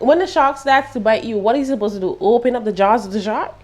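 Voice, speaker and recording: A young British woman reviewing a TV show in a casual, animated way, laughing and throwing in slangy asides. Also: on the high side, fairly quick. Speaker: TV review vlogger.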